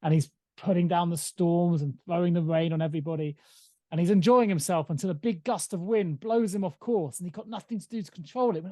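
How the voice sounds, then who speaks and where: A man co-hosting a podcast, chatting casually and telling a parable in an animated way, with many restarts. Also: high-pitched, a little fast, no echo. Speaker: podcast co-host. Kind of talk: casual chat and storytelling.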